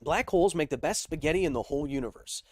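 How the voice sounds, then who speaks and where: Animated man hosting a science livestream. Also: on the high side, dry recording. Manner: energetic, joking, shifts between slow dramatic emphasis and quick asides. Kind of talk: casual livestream chat reading viewer questions.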